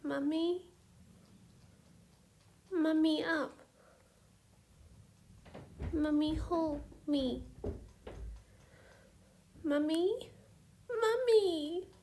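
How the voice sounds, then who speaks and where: A woman voicing a crying toddler girl in a storybook reading, calling out in high, wailing cries. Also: drawn-out words, long pauses, dark tone, a little hiss or hum, heavily acted.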